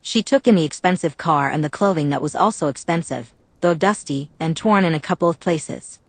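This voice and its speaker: Woman audiobook narrator, low voice, dry close recording, steady delivery. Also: brisk, no echo. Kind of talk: scripted narration.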